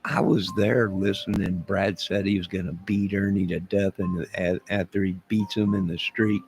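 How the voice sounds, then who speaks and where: A man's voice: low-pitched, steady tone, moderate pace, a little mellow. A man talking to his camera in a rambling casual monologue, telling a story with asides and chuckles. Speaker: vlogger.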